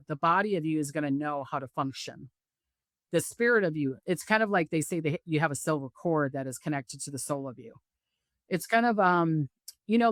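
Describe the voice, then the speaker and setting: A middle-aged woman, a psychic medium appearing as an interview guest, talks casually about spiritual matters and acts out the voices of people she quotes. Her voice is deep and a bit bright, recorded in clean studio sound with no room noise.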